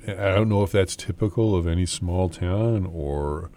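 A man's voice: low-pitched, moderate pace, mellow, a little hiss or hum. A middle-aged man hosting a morning radio interview, joking and teasing his guest and laughing often. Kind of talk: casual on-air interview.

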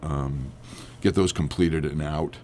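A hoarse man with a cold, an accountant guest on a radio show, talking casually with frequent restarts. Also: rumbling low, steady tone, mellow, a little hiss or hum. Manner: halting, many restarts.

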